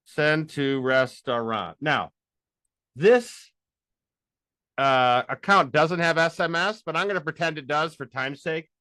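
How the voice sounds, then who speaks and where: A man teaching a live software tutorial, excitable and rambling as he thinks aloud. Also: medium pitch, no echo. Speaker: instructor.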